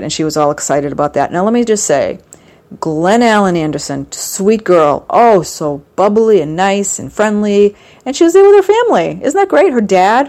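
A woman's voice: medium pitch, a little mellow. A woman in a casual chat, talking in a rambling, gushing way with plenty of fillers. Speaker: vlogger recounting a fan convention.

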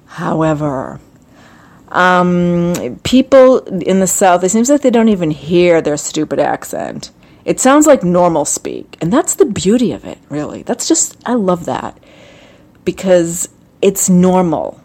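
A woman talks through a casual comedic monologue with a chatty, rambling flow. Her pitch swings widely and animatedly as she goes, breaking into playful impressions. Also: big pitch swings, unhurried, darkish tone. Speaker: host.

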